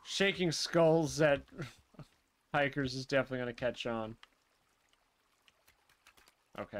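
Live gameplay commentary from a man with a clear, resonant, mid-range voice. He chats animatedly with viewers and characters on screen alike, swearing freely as he reacts to the game.

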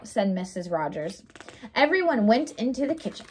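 Animated young woman reading a children's story. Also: mid-range voice, moderate pace, a little hiss or hum. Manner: expressive, animated. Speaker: storybook reader. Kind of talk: children's story read aloud.

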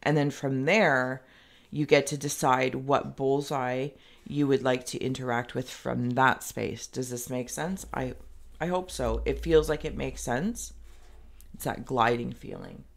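A woman talks the viewer through a tarot reading in a rambling, meandering way, with plenty of "like." Her voice has a gravelly, creaky edge. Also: very deep voice, steady tone, a little slow. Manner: speaks directly to the viewer. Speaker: tarot reader.

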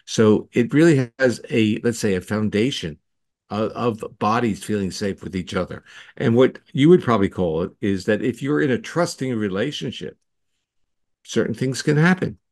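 A man, a scientist guest in an interview, explaining ideas in a steady lecturing manner with occasional restarts. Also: lowish voice, moderate pace, dry recording, clean studio sound.

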